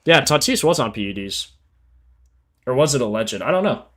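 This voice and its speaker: On his sports betting livestream, a man chats casually in a medium-pitched, sing-song voice at a moderate pace, the tone fairly bright. Still sleepy after just waking up, he's relaxed and slangy, reading stats out loud and responding to chat.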